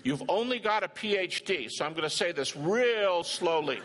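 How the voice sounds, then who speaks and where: A man voicing God as a stern, patient father who questions him slowly and deliberately, in a reverberant hall. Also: sits high, lively intonation, a bit bright, pitched above the performer's own voice. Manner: slow, deliberate, insistent. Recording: reverberant hall with faint ambience.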